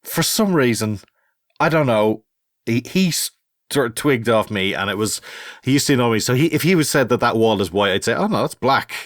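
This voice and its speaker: Man with an animated storytelling voice. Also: mid-range voice, normal speed, no echo, studio quality. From Ireland. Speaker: podcast host. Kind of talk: casual chat.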